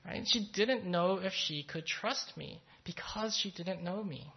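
A pastor giving a conversational sermon, telling a story in a relaxed, thoughtful way with frequent fillers. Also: medium pitch, a little slow, gravelly. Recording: slightly dull, lo-fi sound.

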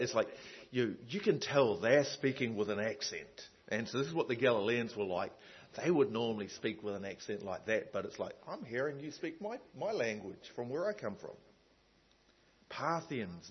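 A man's voice: medium pitch, breathy edge, dull audio. A man preaching a sermon in a conversational way, with many asides and fillers.

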